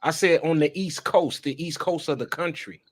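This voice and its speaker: A man's voice: on the high side, moderate pace. A man co-hosting a casual sports radio chat, insistent and repeating himself to make his point.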